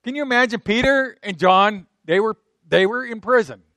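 A middle-aged male pastor preaching in a chatty, conversational way. His voice sits a little high for a man and is recorded dry and close. He jumps between loud, emphatic bursts and quiet asides, tossing rhetorical questions at the congregation. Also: expressive, moderate pace, no echo. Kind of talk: sermon.

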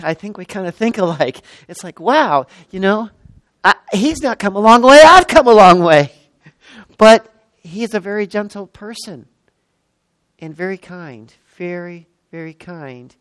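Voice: mid-range voice, dry recording. A preacher in their sixties delivering a sermon, stressing and repeating key words with frequent exclamations. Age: 60s.

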